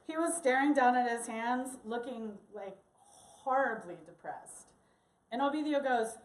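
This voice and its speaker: A woman telling a personal story to an audience in an animated, expressive way. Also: fairly high pitch, unhurried, echoey room, far from the mic. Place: church hall.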